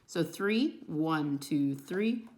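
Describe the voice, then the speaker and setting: A woman teacher talking a lesson for young children in an animated, sing-song way, slowing down to spell words letter by letter. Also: low-pitched, echoey room.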